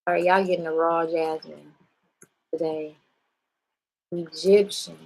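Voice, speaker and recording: A woman's voice: low-pitched, little pitch movement, unhurried, creaky, long pauses, a little mellow, rough recording. A woman hosting a casual spiritual talk, speaking bluntly and with profanity straight to her viewers. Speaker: spiritual live-stream host.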